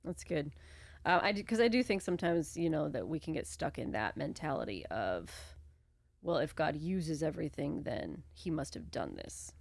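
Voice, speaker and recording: A woman's voice: sits low, big pitch swings, normal speed, gravelly, no echo. A woman co-hosting a faith podcast in casual conversation, peppering her talk with "right?" and "like". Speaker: podcast co-host.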